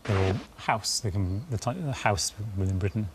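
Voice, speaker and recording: A man's voice: on the low side, normal speed, noisy background. A man answering questions as a quiz contestant, reasoning aloud tentatively.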